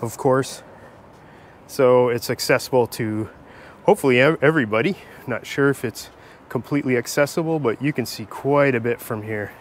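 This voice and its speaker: Travel vlogger, male, mid-pitched, easygoing walk-and-talk narration, faint city noise behind. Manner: relaxed, chatty running commentary while walking. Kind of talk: casual walking vlog narration. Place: outdoors in a city, walking.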